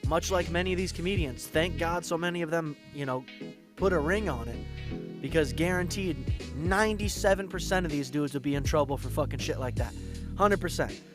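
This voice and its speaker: A man's voice: a little high, a little fast, music in the background. A man giving blunt, scornful reaction commentary with crude language.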